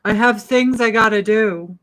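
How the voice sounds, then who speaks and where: A woman's voice: mid-range voice, unhurried, fairly bright tone, lightly acted. A woman voicing her sassy, spoiled house cat as bored, rude and put-upon. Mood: snippy.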